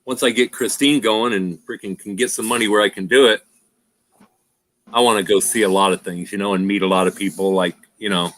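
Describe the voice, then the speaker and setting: Middle-aged guy on a home livestream, bright punchy voice, rambly, laughs a lot. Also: lowish voice, fairly even intonation, a little fast. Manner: rambling, laughs often, says "freaking". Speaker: livestream host. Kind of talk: casual chat and storytelling.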